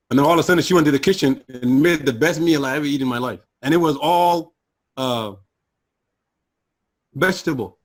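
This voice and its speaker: Earnest man telling a personal testimony. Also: quick pace. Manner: earnest, emotional, drops low and quiet for hard memories. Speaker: guest sharing personal testimony.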